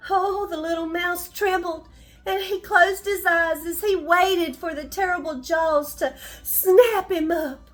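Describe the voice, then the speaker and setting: An older woman reads a bedtime story aloud to children, speaking to them gently and asking questions as she goes. Her voice is very high and she takes her time, with soft music faintly in the background. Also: fairly even intonation, slow.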